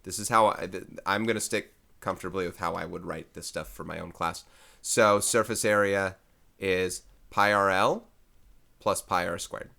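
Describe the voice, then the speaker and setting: A man with a low, bright voice works through a math lesson on his own. He thinks aloud, corrects himself often and keeps the tone easygoing as he explains each problem. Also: steady tone, moderate pace, creaky. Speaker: math teacher. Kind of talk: recorded math lecture.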